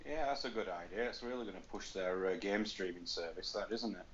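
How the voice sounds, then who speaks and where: A man's voice: sits low, a little fast, crowd noise. A man co-hosting a podcast, chatting in a dry, wisecracking way. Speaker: podcast co-host. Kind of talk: casual chat. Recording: dull lo-fi podcast audio.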